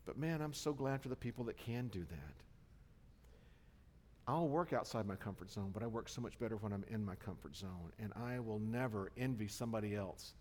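A male pastor delivers a conversational sermon in a church sanctuary, poking fun at himself and frequently checking in with the congregation. His voice is on the low side, a little mellow and fairly quick. Slight background noise and long church hall reverb color the recording.

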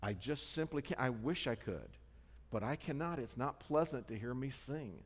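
A male pastor delivering a chatty, self-deprecating sermon and regularly checking in with his listeners. His voice sits at a middling pitch. It rings out with a long reverb in a large church hall. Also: lively intonation, moderate pace. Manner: conversational, self-deprecating, checks in with "all right?". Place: church sanctuary.

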